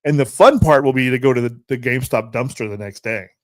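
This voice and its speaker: A man's voice: medium pitch, fast talker. A man co-hosting a podcast in casual banter, laid-back with dry quips. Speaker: podcast co-host.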